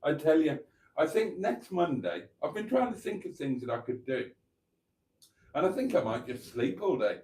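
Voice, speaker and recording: A man's voice: fairly high pitch, very animated, normal speed, a little mellow. A man hosting a casual livestream, reading viewer messages aloud in a camp, joking way. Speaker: livestream host. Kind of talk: casual live chat reading comments.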